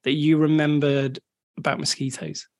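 A podcast co-host in easy, casual conversation, going back over updates and facts sent in by listeners. The delivery is relaxed and sits at a middling pitch, with nothing forced about the pace. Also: moderate pace. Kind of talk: casual chat.

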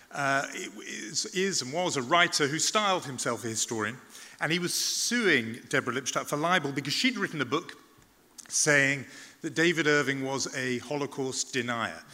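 A man, a journalist, giving a public talk in a measured, reflective storytelling manner, often pausing on "uh" and restarting words. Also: mid-range voice, sharp tone, big-room sound.

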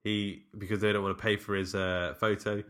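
A man's voice: fairly low pitch, flat delivery, fairly quick, fairly bright tone. A man co-hosting a podcast, recapping a horror film in loose, rambling casual chat that he often breaks off or laughs through. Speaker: podcast co-host.

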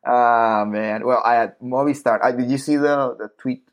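A man hosting a casual podcast, joking and animated and swearing casually. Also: medium pitch, moderate pace. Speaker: podcast host. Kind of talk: casual chat.

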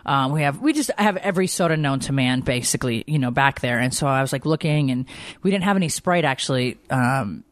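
A woman's voice: extremely low pitch, a little fast, no room sound. Chatty woman podcast host, casual storyteller, dry close sound. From Georgia, US. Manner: chatty storyteller, lively quoted voices. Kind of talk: casual chat.

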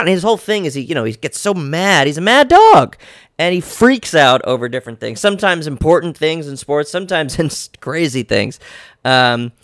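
A man's voice: medium pitch, gravelly, a bit bright, dry recording, clean studio sound. A young man hosting a casual solo sports podcast, rambling and cutting himself off mid-thought. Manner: rambling, self-interrupting, chatty. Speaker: podcast host.

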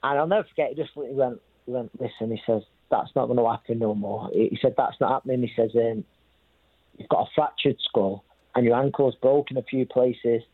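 A man's voice: medium pitch, brisk, dry recording. A man, a boxer recounting a story in an interview, rambling and repeating himself as he quotes others. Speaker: boxer telling his story. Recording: thin phone-like sound.

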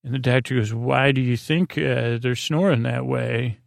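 Man, sleep podcast host, rambling recap, dry close recording, gravelly. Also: mid-range voice, steady tone, moderate pace, dry recording. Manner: meandering, hesitant, full of uh and restarts.

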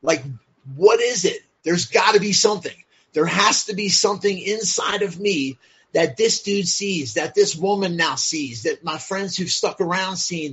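This man's voice sits high and sounds slightly rough. Appearing as a podcast guest, he's blunt and profane as he candidly shares his story, leaning heavily on fillers like "like" and "you know," captured in dull lo-fi sound.

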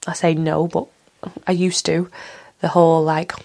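A Mancunian woman in her thirties hosts her own podcast, talking in a fairly low voice. She rambles from one tangent to the next and speaks frankly, with the odd casual swear word. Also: little pitch movement, measured pace, creaky, dark tone. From Manchester, England. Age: 30s. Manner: rambling, drifts from one story to another. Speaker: podcast host. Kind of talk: casual solo podcast chat.

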